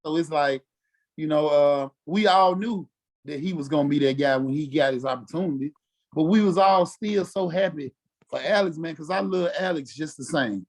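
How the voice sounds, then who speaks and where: A former football player from Mississippi, telling stories casually and acting out quotes with lots of "you know what I'm saying". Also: male voice, on the high side, normal speed. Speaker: former NFL fullback, podcast guest. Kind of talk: casual storytelling interview.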